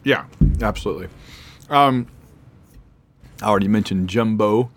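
A man hosts a casual sports podcast, chatting away as he quickly reads supporters' names aloud while eating hot peppers with his mouth full. His voice is on the low side, and there's slight background noise.

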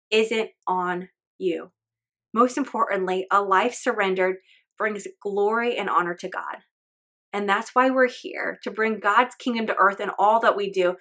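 A woman's voice: mid-range voice, measured pace, fairly bright tone. A woman hosting a faith podcast, talking in an earnest, candid and chatty way with lots of fillers. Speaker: podcast host.

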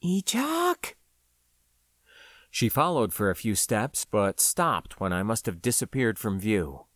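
A man narrating a science-fiction novel in the first person, with a measured, expressive storytelling delivery. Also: fairly low pitch, no echo, clean studio sound. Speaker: audiobook narrator.

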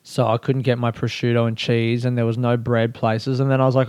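A man's voice: medium pitch, a little fast, a little mellow, dry recording, studio quality. A young Australian man doing a rambling, profane, self-mocking comic monologue in casual chat. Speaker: comedian.

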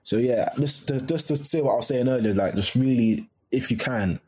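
A man's voice: mid-range voice, moderate pace, dark tone, breathy edge. A young man talking as a podcast guest in a casual, chatty way with frequent restarts and laughs.

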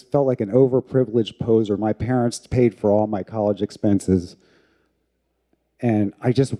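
A middle-aged man tells a personal story to an audience. His voice is deep in tone, very dark and mellow. He talks candidly and pokes fun at himself. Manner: candid, self-mocking, with laughs.

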